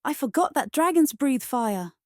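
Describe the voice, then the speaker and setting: A woman voicing a lonely, excitable young witch in a storybook reading, with a bright, exclamatory manner. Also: on the high side, fairly quick, dry recording, clean studio sound, lightly acted. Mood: alarmed.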